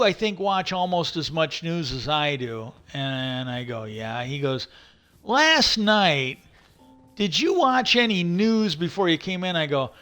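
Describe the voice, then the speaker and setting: A man's voice: on the high side, a bit bright. A middle-aged man hosting a livestream, telling a long, meandering story in casual chat and acting out the people he quotes. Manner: meandering, acts out quoted voices animatedly. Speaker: livestream host.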